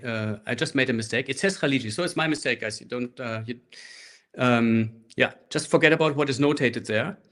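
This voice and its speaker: A man teaching a live online handpan workshop, explaining rhythms in a relaxed way and chanting rhythm syllables, recorded through a laptop microphone. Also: medium pitch. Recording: faint handpan music behind. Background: handpan playing.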